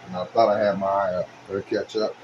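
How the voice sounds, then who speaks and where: A man's voice: low-pitched, little pitch movement, quick pace, lo-fi sound, slight background noise. A man doing a casual cooking demonstration, talking chattily to his viewers as he works. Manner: chatty, addresses viewers as you guys. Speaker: home cook.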